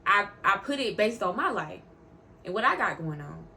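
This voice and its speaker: In this casual faith vlog, the woman's mid-range voice has a sing-song lilt and a sharp edge, moving at a moderate pace with a little background noise. Her talk is heartfelt and visibly emotional, wandering and doubling back on words to stress them.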